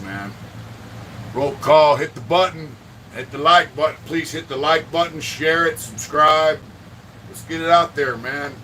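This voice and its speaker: A man chatting on a livestream from his home art studio, cursing freely and greeting viewers by name. He sits back from the mic, and an air conditioner hums loudly behind him. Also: mid-range voice, far from the mic, slight background noise, rough recording. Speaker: livestream host. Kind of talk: casual livestream chat.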